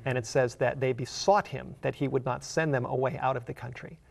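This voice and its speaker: A man teaching a Bible study, who reads scripture slowly and asks the listener earnest questions. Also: medium pitch, fairly even intonation, vocal fry. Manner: earnest, slows down to read scripture aloud.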